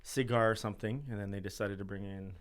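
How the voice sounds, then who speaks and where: A man's voice: on the low side, fast talker. Guy telling a laughing wedding story. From Canada. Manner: animated, laughs through his stories. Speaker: podcast guest. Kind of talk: casual storytelling among friends.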